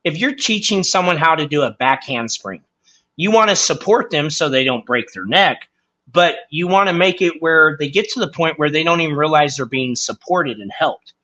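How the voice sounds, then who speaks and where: Bright-voiced earnest man. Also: fairly high pitch, animated, moderate pace, dull audio. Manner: earnest, explains with everyday examples. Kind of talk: casual podcast conversation.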